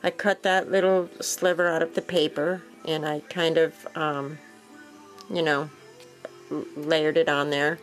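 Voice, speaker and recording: A woman with a fairly low voice gives a casual show-and-tell of her craft work. She rambles easily, with plenty of fillers and small self-corrections. Faint music plays behind her. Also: level tone, a little slow, rough recording. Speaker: crafting vlogger.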